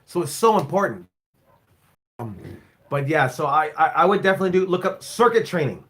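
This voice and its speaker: A man's voice: a little high, very animated, brisk, a bit bright. A man who owns and coaches a wrestling school, answering viewer questions in a casual live stream, rambling, repeating himself and swearing now and then.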